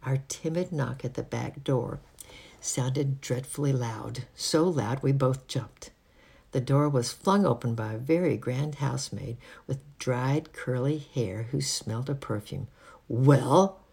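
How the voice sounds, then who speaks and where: A reader narrating a children's book aloud in a husky, gravelly voice, with occasional slips and restarts. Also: mid-range voice, unhurried, darkish tone. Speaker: audiobook reader.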